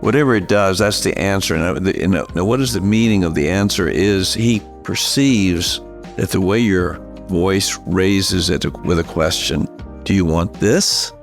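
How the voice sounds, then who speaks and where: A man who writes about parenting hosts a podcast from a studio microphone at a table, his voice low and creaky at a moderate pace with faint music behind. He explains things patiently and asks rhetorical check-in questions to make sure listeners follow.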